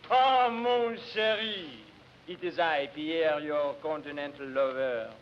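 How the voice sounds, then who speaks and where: A man's voice: on the high side, dull audio. A man putting on a crooning French lover. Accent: put-on French. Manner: drawn-out crooning endearments. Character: smooth-talking French male lover, vain. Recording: scratchy 1940s radio, studio audience.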